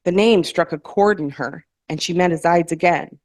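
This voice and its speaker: A woman at an open mic, reading her own novel aloud in a measured, careful way and correcting small slips as she goes. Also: fairly low pitch, darkish tone, dry recording. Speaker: featured author at an open mic. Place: performance hall, in person.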